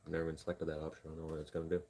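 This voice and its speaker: Deep-voiced rambling young man streaming. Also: completely flat delivery, very fast, mellow, a little hiss or hum. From Indiana, USA. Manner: rambling, self-mocking, talks to his dog and chat. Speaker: livestreamer. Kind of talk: casual live-stream chat.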